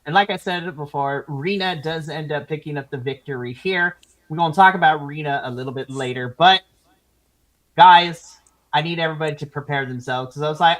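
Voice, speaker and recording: Lowish-voiced excitable woman hosting. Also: fairly quick, rough recording. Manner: excitable, laughs often, gushes over favorites. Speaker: podcast host. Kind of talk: casual wrestling recap chat.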